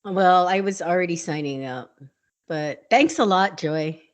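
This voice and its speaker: A woman's voice: fairly low pitch, unhurried, highs cut off. A woman in her sixties, a podcast co-host chatting casually and telling a story, laughing often and acting out the people she quotes. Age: 60s. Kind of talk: casual chat.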